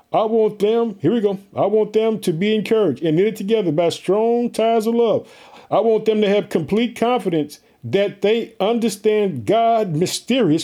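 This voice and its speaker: A man preaching an online sermon, fired up and excited, calling listeners "family" and praising often. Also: high voice, slightly rough. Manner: excited, repeats "family" and "hallelujah", Southern-style "y'all". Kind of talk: online sermon with prayer and Bible reading.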